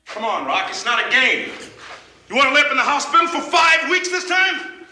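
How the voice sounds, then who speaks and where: A fired-up boxing trainer, played by a man barking commands at his fighter from ringside in a movie. His voice sits very high and sharp, cutting through the music beneath it. The film clip carries a roomy echo. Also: big pitch swings, moderate pace, exaggerated voice. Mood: urgent. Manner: urgent, shouting commands. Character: intense male boxing trainer urging a fighter.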